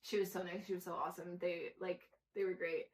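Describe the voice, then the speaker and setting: A young woman co-hosting a podcast, telling lively stories about her kids and acting out their lines between laughs. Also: fairly low pitch, a little fast. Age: young adult. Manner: animated storytelling, acts out kids' lines, laughs often. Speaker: podcast co-host. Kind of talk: casual chat.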